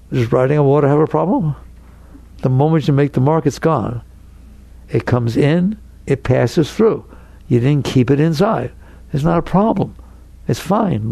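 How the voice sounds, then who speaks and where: Male spiritual teacher giving an inspirational talk, gravelly and slightly high, swoops around a lot, acts out worried voices. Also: no room sound. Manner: animated, acts out neurotic inner voices.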